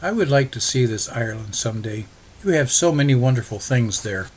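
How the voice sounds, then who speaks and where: A man's voice: mid-range voice, expressive, brisk, lightly acted, rough recording. An earnest young wife and mother who speaks simply and directly, read by a man. The voice sits in an ordinary middle register. A faint noise hangs under it.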